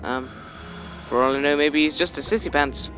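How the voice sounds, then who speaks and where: Young guy rambling over a game, kinda high voice, swears, jokes around, game music faint behind. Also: normal speed, pushed and bright. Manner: rambling, joking, swears casually. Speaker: let's play commentator. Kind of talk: casual game commentary.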